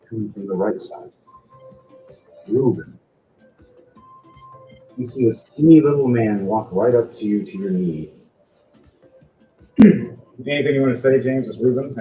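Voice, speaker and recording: A man narrating as game master in halting, conversational phrases. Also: on the low side, warm tone, echoey room. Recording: dull lo-fi sound with faint music.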